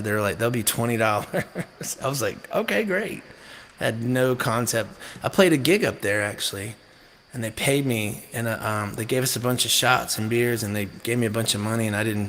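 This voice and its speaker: A man from North Carolina, a musician chatting to his live-stream viewers in a rambling, jokey, animated way. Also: lowish voice, fairly quick, slight background noise. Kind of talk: casual chat on a live stream.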